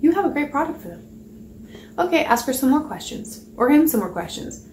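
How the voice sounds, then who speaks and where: A woman's voice: sits high, big pitch swings, a little fast, darkish tone, a little hiss or hum. Rambling woman coaching in an echoey room. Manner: rambling, chatty, many fillers and restarts. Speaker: sales trainer. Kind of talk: casual spoken training talk.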